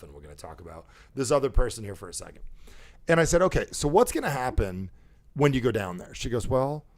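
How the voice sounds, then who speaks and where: A coach and show host coaches a caller live, speaking emphatically, repeating phrases, and acting out the dialogue he quotes. His voice is low and a little mellow.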